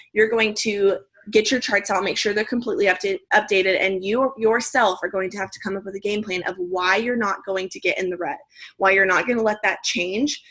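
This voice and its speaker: Young woman giving a team pep talk. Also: mid-range voice. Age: young adult. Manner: energetic, direct, pep-talk tone. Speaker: team leader. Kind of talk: motivational team call. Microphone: video call.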